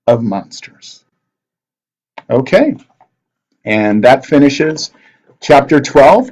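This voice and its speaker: A man's voice: mid-range voice, poor audio. Man teacher reading a novel aloud. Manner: expressive read-aloud narration.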